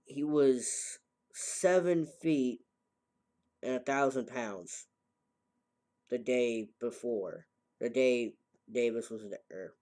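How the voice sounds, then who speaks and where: This game reviewer takes it slowly, leaving long pauses, his medium-pitched voice darkish in tone. He rambles through a casual plot recap and corrects himself, captured in a very echoey recording from far off the mic.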